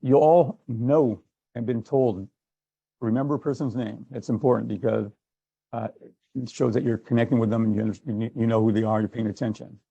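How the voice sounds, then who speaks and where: A man's voice: mid-range voice, steady tone, fairly quick, creaky, mellow, slightly rough, dry recording, muffled recording. A man giving a sales training workshop, conversational, acting out little exchanges as he goes. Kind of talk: workshop talk.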